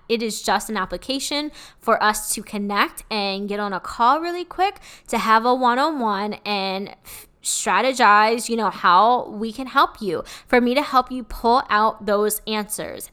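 Woman, podcast host, motivational pep talk, energetic, swears a lot, smooth clear voice. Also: medium pitch.

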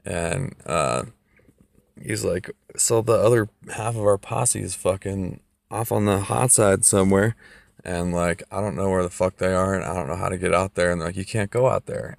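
Gravelly deep-voiced man recapping a story. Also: fairly even intonation, moderate pace, dry recording. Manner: loose and profane, heavy on fillers.

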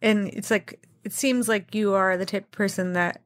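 A woman's voice: mid-range voice, fairly even intonation, moderate pace, slight background noise. A woman hosting a podcast interview, encouraging and reassuring her guest. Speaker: podcast host.

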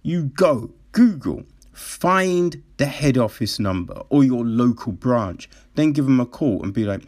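Male commentator, slow and unhurried, with a swooping, animated pitch, blunt, exasperated and sweary. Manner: blunt, exasperated, swears, many "right?" fillers. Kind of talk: casual opinion commentary.

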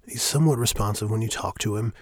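A man voicing a worried young male priest who calls out urgently and then explains patiently, with a gravelly voice. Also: fairly low pitch, quick pace, no room sound, studio quality. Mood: explaining. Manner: urgent, raised and strained.

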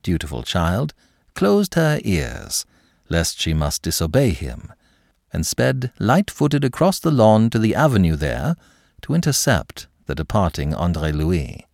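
Brief: male audiobook narrator, expressive storytelling, dry close mic. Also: low voice, a little slow, gravelly, no room sound. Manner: expressive, dramatic reading.

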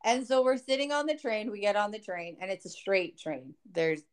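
A woman's voice: mid-range voice, moderate pace, smooth. A woman telling a travel story to her mother in casual chat, quoting others and laughing often. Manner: animated, quotes others in acted voices, laughs often. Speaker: co-host, daughter.

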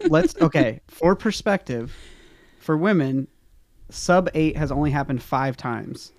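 A man hosting a casual podcast interview, easygoing and a bit halting, quick to laugh. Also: a little high, sing-song, a little mellow, no echo. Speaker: podcast host.

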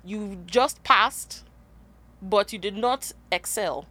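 A woman's voice: mid-range voice, slow, sharp tone. A woman with a Nigerian accent co-hosting a podcast, joking and mock-stern with listeners. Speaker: podcast co-host. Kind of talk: casual chat.

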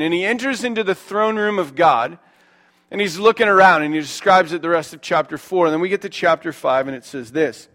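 A man in his thirties preaching a sermon, talking casually with fillers and reading scripture more quietly. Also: normal speed. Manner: conversational, animated preaching with fillers like "like" and "right?"; reads scripture aloud in a lower, quieter voice. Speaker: pastor.

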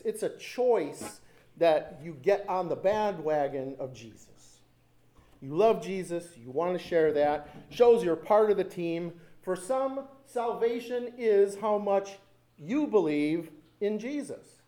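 A man's voice: a little high, lively intonation, unhurried, warm tone. A man preaching a sermon as pastor, telling stories with animation and repeating lines for emphasis.

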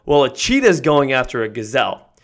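A man hosting a podcast, giving an energetic, emphatic motivational talk that builds to excited shouts. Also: mid-range voice, brisk. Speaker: podcast host.

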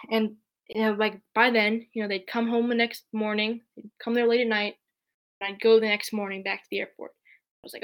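A woman telling a personal story in a casual, chatty way, with many fillers. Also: medium pitch. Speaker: podcast guest.

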